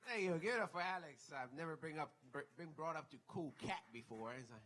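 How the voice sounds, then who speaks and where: A man's voice: on the high side, animated, fast talker, fairly bright tone, poor audio. A man doing live stand-up at a club mic, with a friendly voice and a playful way of dropping into mock voices. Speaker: stand-up comic. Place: comedy club stage.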